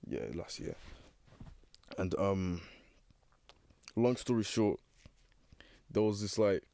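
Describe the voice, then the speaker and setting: Hesitant low-voiced young man. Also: dark tone, no room sound. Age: teens. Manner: hesitant, filler-heavy, searching for words. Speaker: young guest. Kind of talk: casual personal storytelling.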